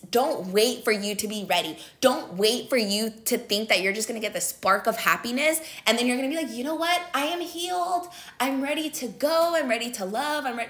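A woman's voice: on the high side, a bit bright. Earnest young woman giving a pep talk. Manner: earnest, emphatic, uses many fillers. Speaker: motivational speaker. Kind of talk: casual motivational talk.

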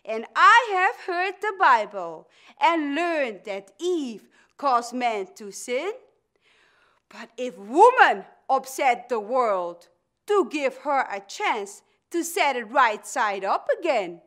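A fierce older woman orator , as an actress puts her on, holds forth in a Dutch-influenced Northern US accent. Her voice sits high and bright, and she lays each phrase down slowly and emphatically. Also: exaggerated voice. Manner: declaiming, slow and emphatic. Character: older woman orator demanding women's rights. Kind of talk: dramatic speech reading.

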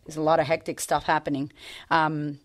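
A woman's voice: low-pitched, flat delivery, normal speed, dry recording, clean studio sound. A woman hosting her own confidence-coaching podcast, talking in a bubbly, profane, slangy way. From United States. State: recovering from losing her voice. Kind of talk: casual podcast monologue.

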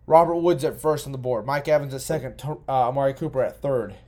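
A man's voice: mid-range voice, fast talker. A young man hosting a podcast, talking casually and rambling with lots of swearing while getting tipsy. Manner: profane, rambling, excitable. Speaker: podcast host. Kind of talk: casual solo commentary.

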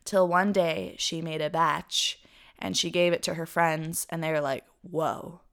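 A young woman co-hosting a podcast, telling a story in a chatty, animated way with frequent laughs. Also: low voice, a little slow, clear, resonant tone. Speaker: podcast co-host. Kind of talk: casual storytelling chat.

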